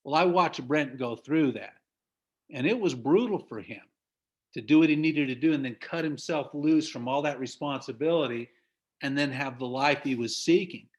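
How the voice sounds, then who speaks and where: A man's voice: mid-range voice, normal speed, muffled recording. A middle-aged man from the United States giving an emphatic motivational business talk over a video call. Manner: emphatic, preachy, laughs at own stories. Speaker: business trainer.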